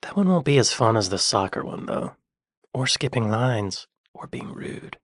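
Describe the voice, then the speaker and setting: A man's voice: mid-range voice, sing-song, normal speed, dry recording, studio quality. A man hosting a reaction video, chatting casually in a joking, sarcastic way. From United States.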